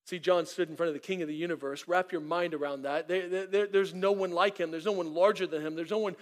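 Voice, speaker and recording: A man, a pastor, preaching a sermon in an animated way, with many restarts and acted-out bits of dialogue. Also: high voice, quick pace.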